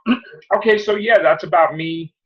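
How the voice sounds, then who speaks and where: A man's voice: normal speed, lo-fi sound. A man hosting a casual podcast chat, ranting in an exasperated voice. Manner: exasperated, ranting, swinging pitch. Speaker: podcast host.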